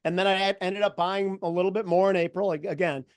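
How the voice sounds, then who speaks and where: A man's voice: high-pitched, fairly even intonation, clear, resonant tone, dry recording, clean studio sound. A man commenting on markets as a guest in casual chat, emphatic and upbeat. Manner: emphatic and upbeat, quick to agree.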